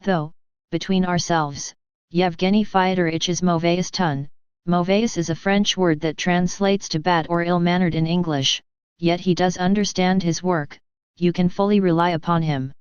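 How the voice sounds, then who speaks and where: A woman's voice: lowish voice, steady tone, normal speed, smooth, no echo, lightly acted. A woman reading the lines of a cheerful, affectionate elderly male postmaster in an audiobook, with a hearty, coaxing manner. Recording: dull lo-fi.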